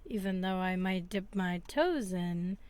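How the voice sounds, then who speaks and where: A woman voicing a friendly, calm young man in love in a tabletop game, speaking in a mild, measured way. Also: lowish voice, clean tone, pitched below the performer's own voice.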